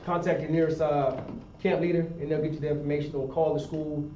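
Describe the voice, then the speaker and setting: In a dull, lo-fi recording with a little hiss or hum, a man teaching a class sounds distant, his voice echoing around the room. It's fairly high and dark with little pitch movement, and he talks fast, repeating himself and checking in with "you understand?"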